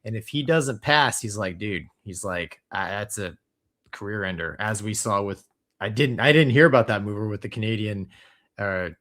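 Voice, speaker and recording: A man's voice: lowish voice, animated, normal speed, a bit bright. A man co-hosting a casual pilot chat show, telling a story in a laid-back, slangy way full of dude.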